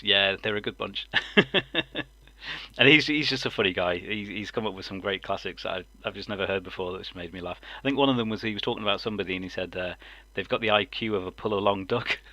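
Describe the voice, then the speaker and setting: Deep-voiced rambling English man. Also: pushed and bright, no room sound, dull audio. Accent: mixed English, mildly southern-sounding. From Lincolnshire, England. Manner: rambling, chuckling often, many ums. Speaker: live stream host. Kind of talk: casual chat to live chat.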